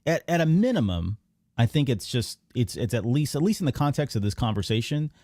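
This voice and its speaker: A man hosting a podcast, casually recapping an animated episode in a rambling way. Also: mid-range voice, brisk, no echo, clean studio sound. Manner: rambling recap with many fillers and restarts. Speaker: podcast host. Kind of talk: casual episode breakdown chat.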